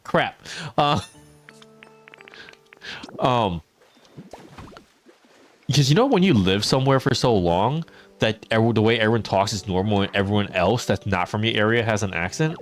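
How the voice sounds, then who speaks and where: A man's voice: fairly low pitch, moderate pace, long pauses, faint music behind. A man from Connecticut with a Connecticut accent, chatting casually on a game stream, rambling and laughing often as he answers chat. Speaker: gaming streamer.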